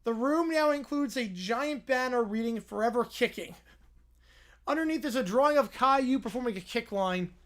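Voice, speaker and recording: A man's voice: extremely high pitch, brisk, hardly any pauses, fairly bright tone. A man hosting a livestream, reading fan-written comedy stories aloud and reacting with laughter between the lines. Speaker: livestream host.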